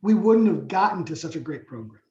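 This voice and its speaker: A man in his thirties, a nonprofit president and CEO, telling animated stories with lots of fillers on a webinar panel. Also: high-pitched, brisk. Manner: animated storytelling with many fillers. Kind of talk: casual webinar panel talk. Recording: echoey muffled call audio.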